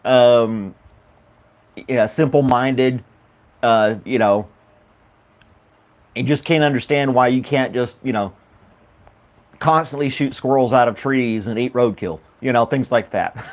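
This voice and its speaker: A man's voice: mid-range voice, slow, pauses often. A man from the United States hosting a casual morning talk show, rambling and laughing often, with many fillers. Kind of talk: casual chat with live chat viewers.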